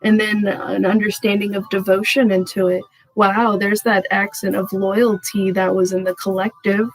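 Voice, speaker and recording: A woman's voice: medium pitch, moderate pace, low-quality recording. A woman doing a channeled tarot reading for her viewers, effusive and emphatic, calling them y'all and saying "freaking" a lot. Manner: gets excited and emphatic when revealing cards. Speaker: tarot card reader.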